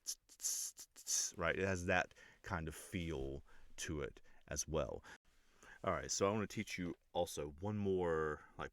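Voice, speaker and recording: A man teaching like an English teacher, explaining rhythm and meter in a relaxed, rambling way with many fillers. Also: a bass voice, gravelly, no echo. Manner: pedantic but relaxed, many ums and restarts. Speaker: English teacher and music reaction host. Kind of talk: casual explanatory lesson.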